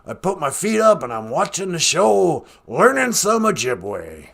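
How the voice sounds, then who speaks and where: A man doing Rolf, a gravelly folksy dog. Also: on the high side, huge pitch swings, unhurried, a bit bright, full character voice. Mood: relaxed. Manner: folksy and laid-back, drawling. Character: easygoing male dog puppet calling in. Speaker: caller.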